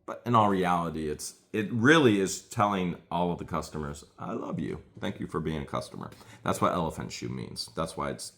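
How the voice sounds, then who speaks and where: Animated deep-voiced man telling a story. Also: a little fast, gravelly. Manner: animated storyteller, mimics others in a shrill high voice. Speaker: co-host recounting a court hearing. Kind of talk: casual chat.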